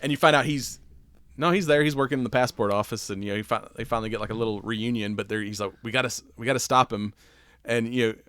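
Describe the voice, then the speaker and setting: A man's voice: medium pitch, steady tone, quick pace, a bit bright, smooth, dry recording. A man hosting a casual podcast chat, rambling through a plot recap with frequent laughter and swearing. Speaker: podcast host.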